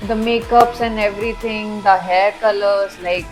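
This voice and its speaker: A woman's voice: mid-range voice, fairly even intonation, moderate pace, poor audio. A woman co-hosting a music reaction video, chatting casually and laughing easily. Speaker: co-host of a reaction channel.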